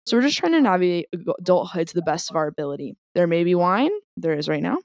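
A playful woman co-hosting a podcast, chatting and giggling. Her voice sits a bit low with a gravelly fry. The sound is close and dry. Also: fast talker, no room sound. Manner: giggly, playful, animated storytelling. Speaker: podcast co-host. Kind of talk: casual chat.

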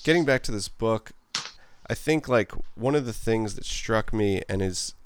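A man's voice: lowish voice, measured pace, slight background noise. A man co-hosting a casual podcast conversation, rambling and leaning heavily on "like" and "um" as he talks. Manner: rambling, heavy on "like" and "um" fillers.

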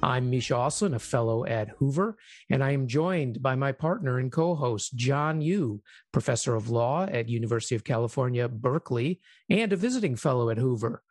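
A man hosting a podcast, opening the show in a formal, measured way. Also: mid-range voice, expressive, no room sound, clean studio sound. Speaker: podcast host. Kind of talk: scripted show introduction.

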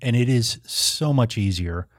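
A middle-aged man joins a casual interview as a guest, speaking in a plain, measured way with short words of agreement. His voice is at a middle pitch and sounds dry and close, with no room around it. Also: expressive, dry recording. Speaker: guest, retired federal agent.

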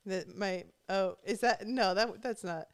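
A woman's voice: medium pitch, unhurried. A woman from Southern California hosting a podcast, talking in a giggly, chatty, self-deprecating way. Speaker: podcast host. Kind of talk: casual chat.

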